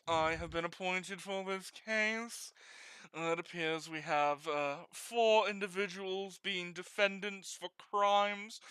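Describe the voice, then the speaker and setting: Guy doing a stuffy British judge, slow and haughty, bright high voice. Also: smooth, no echo, exaggerated voice. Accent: put-on British. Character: pompous scheming male judge, British.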